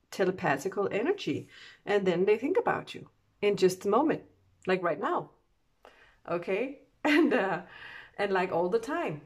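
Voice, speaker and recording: A woman reads oracle cards in a relaxed, chatty way. She speaks at an unhurried, drawn-out pace, circling back on her thoughts and breaking into soft little laughs along the way. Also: mid-range voice. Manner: slow, meandering, with frequent soft laughs. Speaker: oracle card reader. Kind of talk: casual spiritual card reading.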